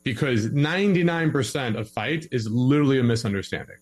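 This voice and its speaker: A man talking through relationship advice in a relaxed, conversational way. He gets animated and acts out both partners in a quarrel, and his voice sits in a middling pitch. A faint mains hum sits under the recording. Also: brisk, soft background music. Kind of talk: casual podcast conversation.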